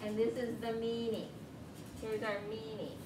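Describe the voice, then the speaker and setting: A woman teacher leading a classroom vocabulary lesson, speaking slowly and patiently and checking on her students. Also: flat delivery. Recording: echoey room with rumbling noise.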